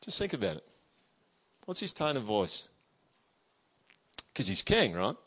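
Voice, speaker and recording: A pastor giving a sermon, reading scripture aloud with emphasis and talking to the listener in a conversational way with frequent tag questions. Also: male voice, medium pitch, very animated, measured pace, a bit bright, breathy edge.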